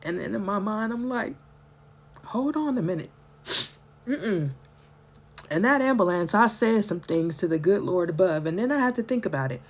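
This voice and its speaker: A woman's voice: mid-range voice, lively intonation, fairly quick, hardly any pauses. A woman, a mother, giving an emotional personal testimony, emphatic and at times tearful, calling listeners "baby" and "girl". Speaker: mother telling her testimony.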